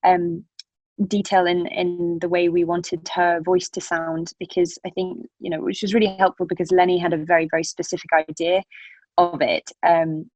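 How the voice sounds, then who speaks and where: A young woman talks as a podcast guest, rambling warmly through her thoughts with many ums and restarts. Her voice sits on the low side for a woman. The sound is dry and close, with no room around it. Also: flat delivery, normal speed, no echo, low-quality recording. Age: young adult. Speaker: actress guest. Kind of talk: casual interview chat.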